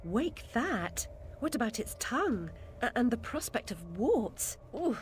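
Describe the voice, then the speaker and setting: A woman's voice: on the high side, sing-song, measured pace, slight background noise. A woman voicing a skeptical, haughty woman in a video game who teases with doubting questions.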